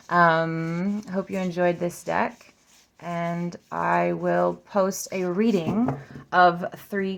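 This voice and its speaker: A woman talks casually through a card deck, often slowing down to sound out a name and repeat it. Her voice sits a little low and has a gravelly edge, and her delivery stays relaxed and chatty. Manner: chatty, practicing name pronunciations slowly and repeatedly. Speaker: oracle deck reviewer. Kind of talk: casual flip-through vlog.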